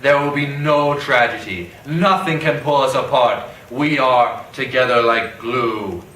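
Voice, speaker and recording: A bright, casual Othello, played by a man who brags and rambles like a modern guy at a party. He tells his tale in slang, with faint room noise. The voice sounds roomy and set back from the mic. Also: mid-range voice, measured pace. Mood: boastful. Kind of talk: parody skit. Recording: echoey room, mic at a distance.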